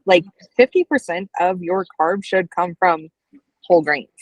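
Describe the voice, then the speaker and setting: A woman's voice: fairly low pitch, fairly even intonation, a little slow, no room sound, rough recording. A woman co-hosting a casual live stream, a dietetics student who talks in chatty, meandering stories full of fillers. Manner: chatty storyteller, many "like"s and restarts.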